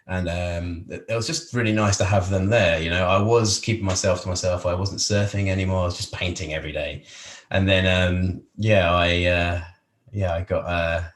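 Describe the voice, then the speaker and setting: An Englishman appearing as a podcast guest talks casually in an interview, his English-accented speech rambling with lots of fillers and restarts. He has a low, steady voice at normal speed, recorded with a roomy sound.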